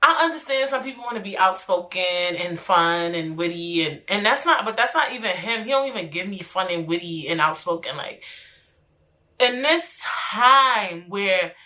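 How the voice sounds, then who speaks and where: A woman hosting her own podcast, talking alone in a casual, animated, profane way with lots of slangy asides. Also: medium pitch, moderate pace. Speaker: podcast host. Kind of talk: casual solo podcast monologue.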